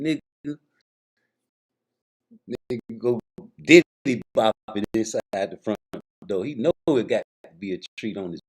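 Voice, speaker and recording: Husky man drawling a crude comedy rant. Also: mid-range voice, a little mellow. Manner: crude, laughing, slangy storytelling. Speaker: comedy skit host. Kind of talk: improvised comedic skit rant.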